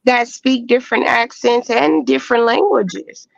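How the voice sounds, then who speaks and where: A woman's voice: fairly high pitch, unhurried, creaky, no room sound, muffled recording. A woman panelist speaking in a gushing, agreeable way over a call.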